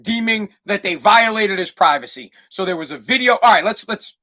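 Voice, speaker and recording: A man's voice: high voice, lively intonation, brisk, bright, forceful tone. A man from Massachusetts hosting a solo podcast, rambling through a profane comic rant and repeating himself as he goes. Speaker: podcast host.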